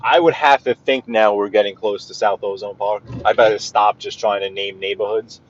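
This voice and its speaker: A man's voice: fairly low pitch, steady tone, moderate pace, dull audio. Chatty New York man driving. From Brooklyn, New York. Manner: chatty, rambling, greets viewers by name. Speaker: livestream driving host. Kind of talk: casual live-stream chat while driving. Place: inside a car in city traffic.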